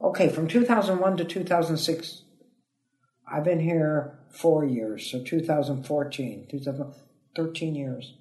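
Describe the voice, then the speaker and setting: A woman, a comedian telling stories in an interview with a chatty, lively manner that swoops up for emphasis. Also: deep voice, unhurried. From United States (Ohio). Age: 80s. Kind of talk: animated interview storytelling. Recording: echoey room.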